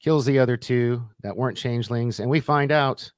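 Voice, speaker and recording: A man hosting a casual live-stream chat, retelling scenes with lively acted-out quotes. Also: mid-range voice, normal speed, no echo. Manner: animated retelling, acting out quoted lines. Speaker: host.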